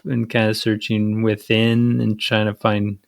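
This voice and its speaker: A man's voice: fairly low pitch, unhurried, gravelly. A man from the hosting a podcast, chatting loosely with a guest and laughing easily, then reading out thanks. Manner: relaxed, laughing, loosely phrased. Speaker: podcast host. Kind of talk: casual interview chat and outro.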